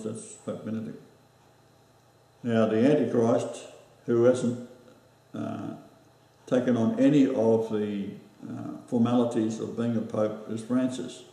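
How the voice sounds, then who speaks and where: A man with an Australian accent, hosting a casual chat, rambling and halting with many fillers. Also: lowish voice, warm tone. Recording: very echoey room, voice distant from mic.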